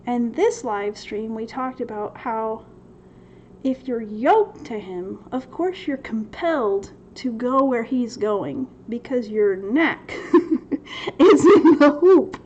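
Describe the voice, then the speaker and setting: Woman host of a livestream Q&A, high-pitched and unhurried, answers chat questions with lots of laughter over a dull, faintly noisy computer mic. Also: darkish tone. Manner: laughs often, reads chat questions aloud. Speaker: host of a Bible study Q&A. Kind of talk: livestream Q&A teaching. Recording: slightly dull sound with faint noise.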